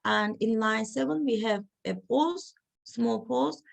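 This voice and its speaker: A woman giving an academic reading session, talking slowly and haltingly with many fillers. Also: fairly high pitch, creaky. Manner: slow, halting delivery with frequent fillers. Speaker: lecturer.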